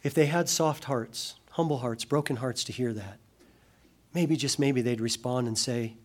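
Here a medium-pitched male pastor gives a sermon, acting out the words of those he quotes. He breaks into sudden loud rises and eases into a soft, slow delivery for solemn passages.

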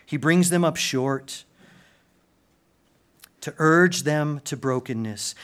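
A man preaching a sermon, swinging from loud urgent emphasis to hushed intensity, with casual slang asides. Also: fairly high pitch, takes it slowly, long pauses. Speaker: pastor.

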